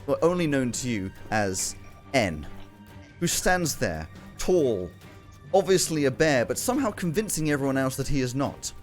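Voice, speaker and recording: A man's voice: medium pitch, sing-song, moderate pace, soft background music. A man narrating a tabletop game as game master, playful and chuckling.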